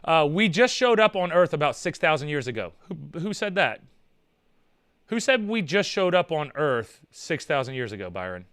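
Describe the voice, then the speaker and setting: A man with a high, lively voice hosts a loose livestream chat, drifting through profane stories from his past. His voice swoops up and down as he talks, and it is recorded close and dry. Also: moderate pace, clean tone, no room sound. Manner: rambling, profane storytelling. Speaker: host.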